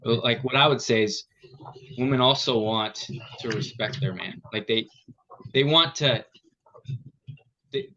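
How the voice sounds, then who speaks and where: A man co-hosting a casual podcast chat, speaking in a halting way as he searches for words, in a dull lo-fi recording. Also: medium pitch, bright, forceful tone.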